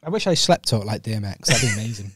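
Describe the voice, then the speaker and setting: A man's voice: on the low side, expressive, fast talker, fairly bright tone, breathy edge, dry recording, studio quality. A young Welsh man co-hosting a podcast, telling rambling stories in a casual chat and laughing often. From Wales. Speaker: podcast co-host.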